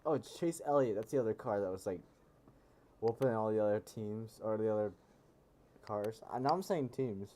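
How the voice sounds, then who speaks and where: Mellow-voiced man rambling over a racing game. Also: lowish voice, normal speed, slight background noise. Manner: rambling and jokey, often correcting himself. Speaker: gaming streamer. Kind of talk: casual live game commentary. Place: lives near a Pennsylvania capital city.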